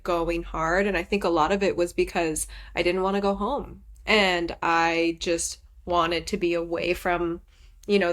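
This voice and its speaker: Reflective woman podcast host. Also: fairly low pitch. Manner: open, reflective, personal. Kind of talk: casual interview chat.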